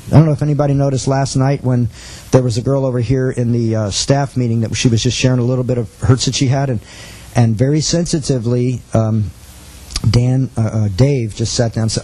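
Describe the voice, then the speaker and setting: A middle-aged man giving a sermon-style teaching talk with a husky voice, telling stories and acting out quotes earnestly. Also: medium pitch, fairly even intonation, brisk, warm tone, poor audio. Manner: storytelling with acted quotes, earnest. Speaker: preacher.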